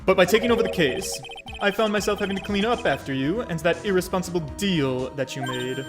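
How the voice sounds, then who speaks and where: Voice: mid-range voice, expressive, a little fast, over music, natural voice. A gamer reading the lines of an arrogant young female prosecutor in a cold, haughty way.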